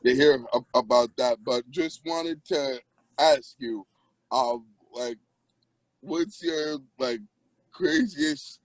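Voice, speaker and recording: Halting man co-host, dry sound. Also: mid-range voice, expressive, no room sound, poor audio. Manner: halting, many fillers and restarts. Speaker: podcast co-host. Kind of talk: casual interview questions.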